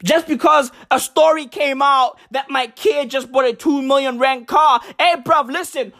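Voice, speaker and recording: A comedian with a South African accent, delivering a profane, shouty sarcastic rant full of "bruv". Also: high voice, a little slow.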